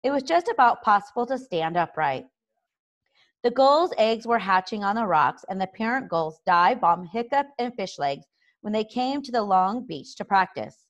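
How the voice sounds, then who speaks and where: A woman reading a children's book aloud in an expressive, unhurried way. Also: medium pitch. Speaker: story reader.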